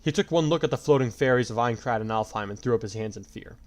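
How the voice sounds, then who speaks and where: A man's voice: on the low side, fast, few pauses. A man reading a fan fiction story aloud as narrator in a plain storytelling voice.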